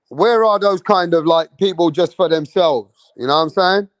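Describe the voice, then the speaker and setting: Slow-talking man on a livestream. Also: on the high side, lively intonation, dry recording. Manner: loose, rambling, swears freely, slangy. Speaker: livestream host. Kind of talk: casual livestream chat reading viewer comments.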